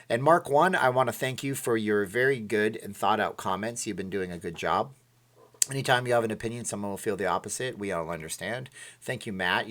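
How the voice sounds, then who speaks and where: A man hosting a casual livestream, chatting in a rambling way and laughing between remarks, his voice slightly hoarse. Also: on the low side, a bit bright. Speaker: livestream host.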